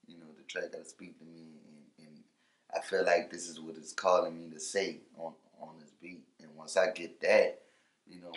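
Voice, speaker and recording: A man with a very low voice talks through an interview in a relaxed, rambling way. He keeps coming back to "for real" and "you know", and his voice gets louder when he gets going. The sound has a noticeable room echo. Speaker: rapper, interview guest. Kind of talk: casual interview talk.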